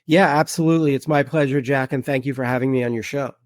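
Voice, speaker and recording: A man's voice: medium pitch, steady tone, fast, no echo, studio quality. A man speaking as an interview guest about his insurance business, earnest and sometimes stumbling over his words. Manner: earnest, with false starts. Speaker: guest, health insurance provider. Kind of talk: casual interview.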